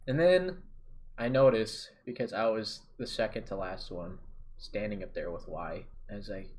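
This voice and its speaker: A young man casually telling a story to camera, talking in slang and getting louder and more animated at the exciting parts. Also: on the low side, normal speed. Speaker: storyteller vlogger.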